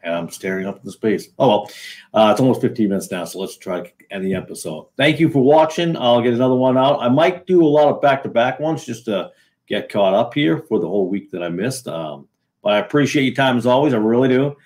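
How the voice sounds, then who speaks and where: A man's voice: mid-range voice, fairly quick, a little mellow. A man from New England hosting a casual solo video, talking in a sarcastic, rambling way with many fillers and restarts. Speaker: video host.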